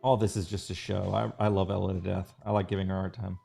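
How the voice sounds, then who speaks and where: A man's voice: low voice, little pitch movement, fast talker, creaky, warm tone, soft background music. A man hosting a live sketch stream, joking around and mocking himself in casual banter. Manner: joking, self-mocking, playful. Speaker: livestream host sketching live.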